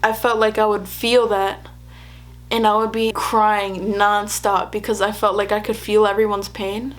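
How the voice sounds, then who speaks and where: A woman's voice: mid-range voice, flat delivery, a little slow. A young woman vlogging, telling a personal story in a chatty way, laughing often and acting out what people said. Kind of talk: casual storytelling to camera.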